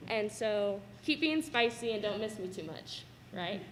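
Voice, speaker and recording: A woman's voice: mid-range voice, expressive, a little slow, a little hiss or hum. Tearful young woman giving a thank-you speech. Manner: tearful, laughing nervously between sentences. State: fighting back tears. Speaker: student athlete giving a farewell speech. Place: school cafeteria.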